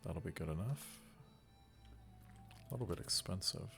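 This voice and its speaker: A man's voice: sits low, expressive, normal speed, creaky, a bit bright, faint music behind. A man casually commenting on a strategy game as he plays, musing wryly to himself. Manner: musing, wry, talks to himself while playing. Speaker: let's play gamer.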